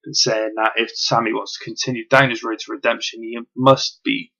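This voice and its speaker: A man's voice: mid-range voice, flat delivery, brisk, sharp tone, lo-fi sound. A man reviewing wrestling in casual, chatty speech, full of ums and the odd swear word.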